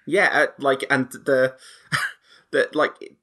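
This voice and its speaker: A man chatting casually about a movie, animated and stumbling over restarts as he acts out lines. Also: medium pitch, drawn-out words. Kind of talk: casual podcast film discussion.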